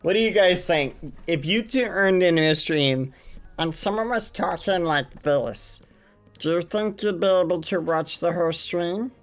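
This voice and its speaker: A man's voice: high-pitched, a little slow, faint music behind. A man hosting a building game on stream, casually chatting and joking with the players and encouraging them. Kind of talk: casual livestream commentary.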